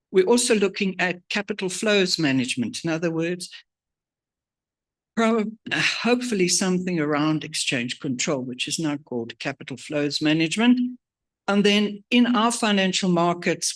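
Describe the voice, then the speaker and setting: A presenter on a conference stage, running briskly and cheerfully through a list of agenda items. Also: medium pitch, a bit bright.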